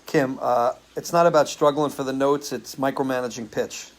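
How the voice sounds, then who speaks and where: A singer hosting a live stream chats loosely with viewers, answering their comments and swearing casually. His mid-range voice holds fairly even intonation at a moderate pace, on a rough recording.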